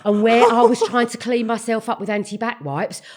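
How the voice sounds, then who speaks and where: A middle-aged woman, telling animated stories in casual chat and swearing freely. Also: fairly high pitch, brisk. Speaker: guest.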